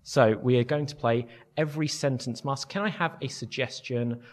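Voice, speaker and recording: A man hosting a live improv comedy show, giving brisk, cheerful prompts. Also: medium pitch.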